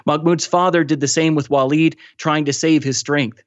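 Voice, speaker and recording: A man reading aloud from his novel in a measured storytelling manner. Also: fairly high pitch, steady tone, no echo, dull audio. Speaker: author reading his book. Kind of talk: read-aloud narration.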